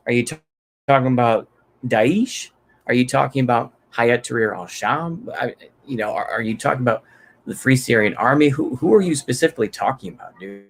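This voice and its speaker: A man's voice: medium pitch, animated, fairly quick, a little hiss or hum. A man from Texas giving unscripted solo political commentary, rambling and profane, with many fillers and restarts.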